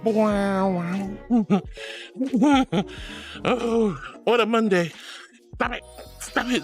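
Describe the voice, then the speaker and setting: A woman's voice: high-pitched, slow, faint music behind. Gushing, flustered woman streamer. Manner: gushing, flustered, laughs often. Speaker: live streamer. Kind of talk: live-stream chat thanking viewers.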